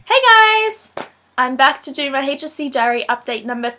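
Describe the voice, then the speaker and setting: A teenage girl in her late teens vlogs casually to her camera as a student, her somewhat high voice sharp in tone. A blocked nose and sore throat make her sound nasal and stuffy, and she rambles chattily, filling pauses with ums.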